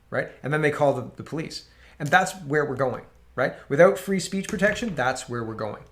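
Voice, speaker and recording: A man's voice: mid-range voice, lively intonation, moderate pace, a bit bright. A Canadian man hosting political commentary, talking casually and sarcastically while reacting to clips. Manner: sarcastic, mocking voices.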